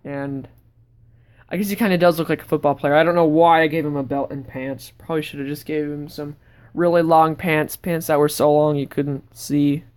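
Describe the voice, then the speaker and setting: Rambling woman vlogger, slightly low voice. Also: normal speed. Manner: rambling, with sudden excited outbursts. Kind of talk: casual sketchbook tour.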